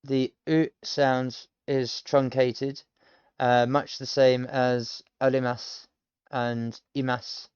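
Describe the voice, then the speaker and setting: Speaking slowly and flatly, a British man in his thirties talks through his own language study on stream, explaining pronunciation and rambling with lots of ums. His medium-pitched voice has a smooth, darkish tone, with no room sound and the highs cut off.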